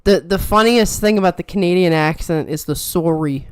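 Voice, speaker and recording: A woman with a low, smooth and resonant voice chats casually with a co-host, drifting into giggly stories. The sound is dry and close to the mic. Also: a little fast, no echo. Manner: chatty, giggly storyteller. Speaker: podcast co-host. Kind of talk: casual chat.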